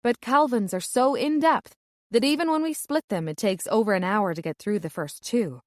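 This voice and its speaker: A woman's voice: a little high, moderate pace, no echo, studio quality. Wry woman narrating an audiobook. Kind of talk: first-person audiobook narration.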